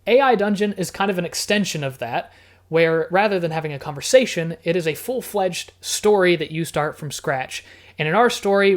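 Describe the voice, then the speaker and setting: A man casually commenting as he reads a text adventure game aloud, getting excited and laughing often. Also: on the high side. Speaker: gaming YouTuber.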